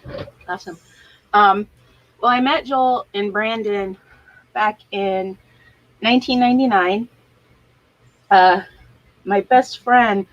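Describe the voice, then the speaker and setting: A woman being interviewed as an actor, chatty and pausing to search for words. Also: medium pitch, fairly bright tone, dry recording, muffled recording. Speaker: actor guest. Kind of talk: casual interview.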